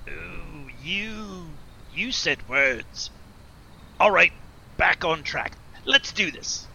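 Casting: a man playing a high, bright, gravelly-voiced eager demon, stammering, slow-spoken, audio drama. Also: lively intonation, slight background noise, full character voice. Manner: stammering, eager, easily distracted. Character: excitable naive male demon, immortal, eager and nervous.

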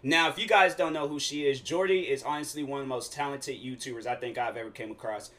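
A man's voice: mid-range voice, fast, a bit bright. A young adult man hosting a solo podcast, talking casually in a rambling, slangy way and correcting himself as he goes. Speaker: podcast host.

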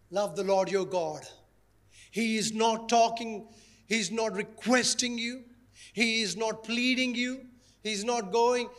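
A male pastor preaching a sermon in an animated, playful way, repeating his key phrases. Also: sits high, slow.

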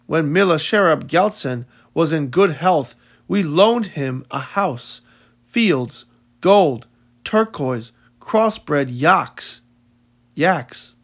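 A man's voice: on the high side, breathy edge, heavily acted. A man voicing a greedy, scornful uncle and aunt who mock their poor relatives, read as an audiobook. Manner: mocking, contemptuous questioning. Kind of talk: audiobook reading.

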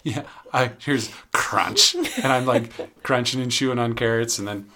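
A man's voice: medium pitch, a little slow, sharp tone. Joking man telling a casual story. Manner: joking storyteller, laughs often. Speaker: podcast co-host. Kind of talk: casual chat.

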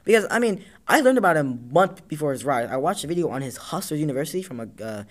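A man's voice: fairly high pitch, big pitch swings, quick pace. A man from Tacoma hosting a casual talk show, telling rambling, profane stories and acting out what people said. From Tacoma, Washington, US. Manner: rambling storyteller, profane, acts out quotes. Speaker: podcast host. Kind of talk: casual chat.

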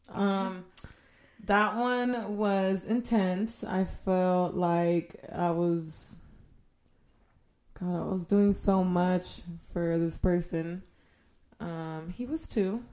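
A young woman co-hosting a casual podcast, speaking haltingly with deadpan jokes. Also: lowish voice. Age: young adult. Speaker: podcast co-host. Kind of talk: casual chat.

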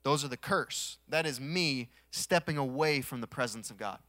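A man preaching a sermon in a conversational way, swelling to emphatic peaks and dropping to quiet asides, with touches of humor. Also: medium pitch, normal speed, dry recording. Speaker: pastor.

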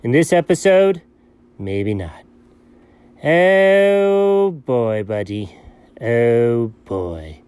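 A man playing a scatterbrained, excitable male buddy in comedy banter, jumping between low mumbles and sudden high yelps. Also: normal speed, dry recording. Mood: goofy. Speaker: co-host.

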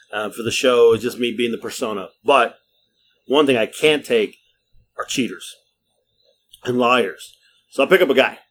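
Middle-aged male host, casual, cusses freely, animated storyteller. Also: medium pitch, slight background noise. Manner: profane, lively storytelling. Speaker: podcast host.

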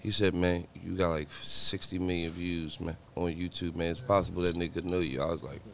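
A man's voice: deep voice, steady tone, brisk, slight background noise. A man telling a story in casual podcast chat, laid-back and profane. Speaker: guest.

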